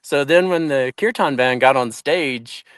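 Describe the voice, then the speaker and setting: A man's voice: medium pitch, unhurried, fairly bright tone, smooth, no echo. A man, a traveling yoga monk, chatting casually in an interview and acting out voices. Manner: chatty, acts out quoted voices, laughs often.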